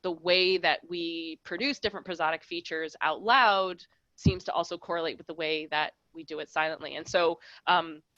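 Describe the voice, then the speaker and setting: A woman's voice: lowish voice, bright, forceful tone, no echo, muffled recording. A woman presenting her research in an academic talk, explaining her methods casually with the odd "um" and "right". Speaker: guest speaker presenting research.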